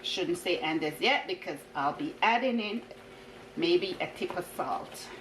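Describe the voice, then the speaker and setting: A woman talks slowly and cheerfully to her viewers while she cooks, chatting as she goes. Her voice bounces around an echoey home kitchen. Pots and dishes clatter clearly in the background. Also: lowish voice, lively intonation, fairly bright tone, a little hiss or hum. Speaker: home cook vlogger. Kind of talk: casual cooking demonstration.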